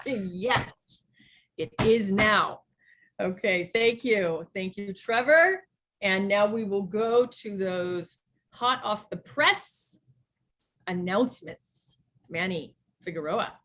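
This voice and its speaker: Woman, pastor, leading a service, very slow, drawn-out, playful, video call. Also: medium pitch, a bit bright.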